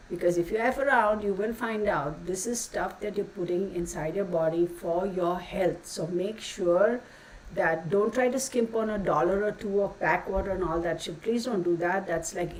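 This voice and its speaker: A woman's voice: medium pitch, a little mellow, recorded from a distance, slight background noise, low-quality recording. A woman talking casually to her channel, blunt and exasperated, swearing now and then and using folksy insults. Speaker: channel host. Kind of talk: casual ranting vlog.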